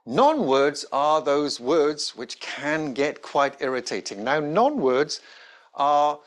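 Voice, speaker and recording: With a slightly high voice and lively intonation, a presentation skills trainer talks to camera in an instructional session. He's emphatic and varied in tone, leaving deliberate pauses.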